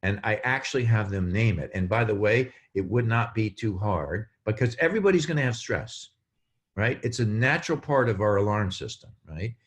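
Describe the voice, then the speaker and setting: Podcast guest, male, low voice, lively explainer who acts out quotes. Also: moderate pace. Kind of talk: casual podcast chat.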